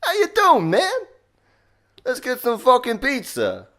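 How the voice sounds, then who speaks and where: A man voicing a brash streetwise young sidekick with a Boston or Brooklyn accent, high and strained. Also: huge pitch swings, unhurried, sharp tone, full character voice. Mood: rowdy.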